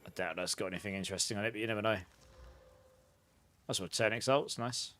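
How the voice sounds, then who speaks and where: A man's voice: on the low side, fast talker, a bit bright. A man chatting casually while streaming a game, answering his chat and telling long rambling anecdotes.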